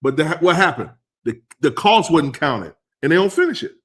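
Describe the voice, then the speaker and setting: A man preaching a teaching sermon, conversational and emphatic, rising to loud stresses. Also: a little high, very animated, moderate pace.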